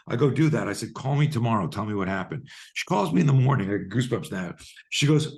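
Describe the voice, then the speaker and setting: A man's voice: on the low side, fairly quick, creaky. A man being interviewed, telling a vivid story with coarse language and acting out both sides of a conversation. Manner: profane, animated storyteller acting out dialogue. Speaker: guest, fear coach.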